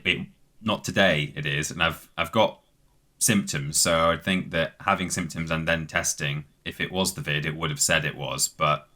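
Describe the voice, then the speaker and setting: A man's voice: rumbling low, bright, forceful tone. A man co-hosting a casual comedy podcast, feeling a bit unwell, wry and rambling. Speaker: podcast co-host.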